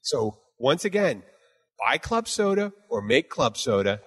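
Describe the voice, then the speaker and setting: Chatting casually on a bartending podcast he hosts, a man gets emphatic, blunt and profane, and keeps coming back to "you know what." He has a husky, slightly bright medium-pitched voice, very animated yet measured in pace.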